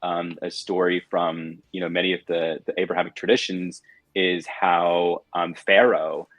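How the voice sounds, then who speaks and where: Deep, husky male co-host, dry close mic, excitable and quick to laugh. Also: no room sound. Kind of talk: casual chat.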